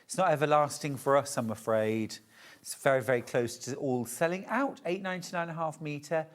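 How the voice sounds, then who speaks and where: A man's voice: fairly high pitch, normal speed. A man presenting fabrics on a live home shopping show, chatty and full of enthusiasm.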